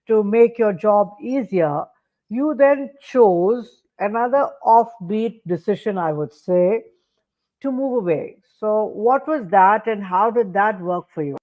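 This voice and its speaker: A woman hosting an interview, summing up her guest's points in a measured way. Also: medium pitch, expressive, phone-quality sound. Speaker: host.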